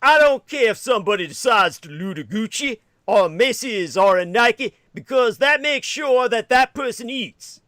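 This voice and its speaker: A man doing a mocking impression of a flippant female activist, raising his voice into a higher, brighter tone. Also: animated, moderate pace, hardly any pauses, dry recording, heavily acted.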